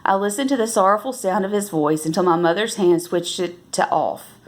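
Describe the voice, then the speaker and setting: A woman reading a novel aloud at an unhurried pace, now and then correcting herself and lifting her voice for the characters' lines. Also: mid-range voice. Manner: unhurried, with self-corrections and restarts. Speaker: reader.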